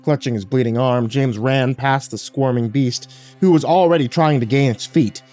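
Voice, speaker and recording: Guy reading a scary story, dramatic delivery, middle pitch, soft music under it. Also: normal speed. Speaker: horror story narrator. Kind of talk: scripted horror narration.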